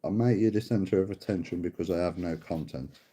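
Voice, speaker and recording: A low, husky, dark-toned voice belongs to a middle-aged livestream host who speaks fairly quickly. He bickers with a viewer, cursing, taunting him and calling him mate.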